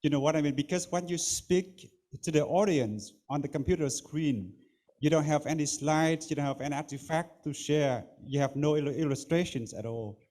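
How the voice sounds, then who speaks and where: Emphatic man judge, fairly high. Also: normal speed, mellow. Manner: coaching, emphatic, repeats "you know what I mean". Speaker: contest judge. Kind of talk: spoken feedback to a student.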